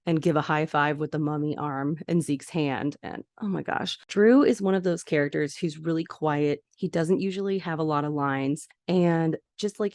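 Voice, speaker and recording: Woman podcast host, chatty episode recap, lowish voice, dry close sound. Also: darkish tone, no room sound. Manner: chatty, enthusiastic, sentimental.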